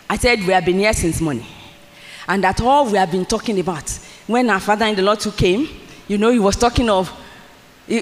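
A preacher delivering a sermon in a church hall, firing repeated questions at the congregation and swinging from low asides to shouted calls. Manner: repetitive, rhetorical questions to the congregation. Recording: long hall reverb, faint ambience.

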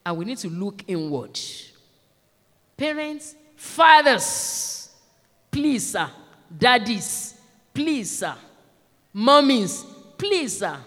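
A woman preaching a sermon in a church, urging and repeating her points to the congregation. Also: mid-range voice. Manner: emphatic, repeats exhortations, addresses the congregation directly. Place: large church. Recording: long church reverb.

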